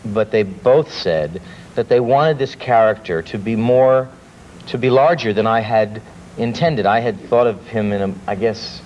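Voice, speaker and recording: An actor answering an interviewer with a lowish voice. He is measured and thoughtful, pausing to find the right word. The recording is dull with a faint hiss. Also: darkish tone. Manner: measured, thoughtful, searching for words.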